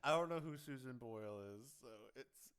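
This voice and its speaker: A man reacting to a comedy clip with slow, amused asides and frequent laughter. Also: medium pitch, fairly bright tone, smooth. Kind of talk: reaction commentary.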